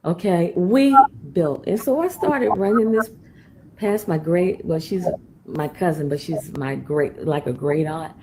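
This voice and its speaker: A woman's voice: on the low side, unhurried, background noise. A woman calling in to a livestream, talking casually and rambling with many restarts. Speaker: caller. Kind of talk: casual call-in chat.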